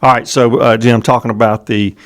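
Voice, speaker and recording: A man's voice: medium pitch, level tone, brisk. A man co-hosting a casual chat, mostly giving short agreeing replies. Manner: brief agreeing backchannel with laughs. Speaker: co-host.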